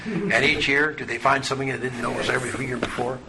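A man's voice: medium pitch, fairly even intonation, fast, crowd noise. A man teaching a Bible study class, asking his students questions in a patient, folksy way. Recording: noisy room recording.

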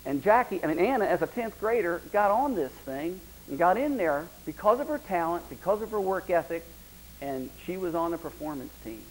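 A man's voice: high voice, lively intonation, fairly quick, slight background noise, low-quality recording. A middle-aged man, preaching a sermon in an emphatic, conversational way with frequent restarts.

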